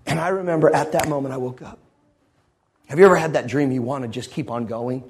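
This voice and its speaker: A man's voice: medium pitch, fast talker, husky. A man preaching a sermon, telling a story with great passion. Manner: impassioned storytelling.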